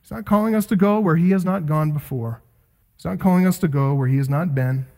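A man's voice: fairly high pitch, a little fast, a little mellow. A man preaching an expository sermon, building emphatic lists of phrases with rising intensity.

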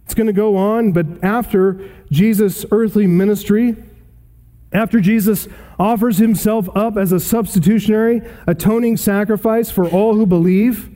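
A man's voice: high voice, fairly even intonation, normal speed, mellow, long reverb tail. A male pastor preaching an expository sermon, pressing hard on key words. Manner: emphatic, building to stressed key words.

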